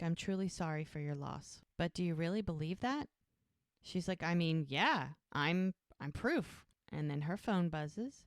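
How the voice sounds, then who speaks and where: A woman's voice: on the low side, a little mellow, dry recording, studio quality. A woman co-hosting a podcast, casually retelling a TV episode and acting out the characters' lines. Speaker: podcast co-host.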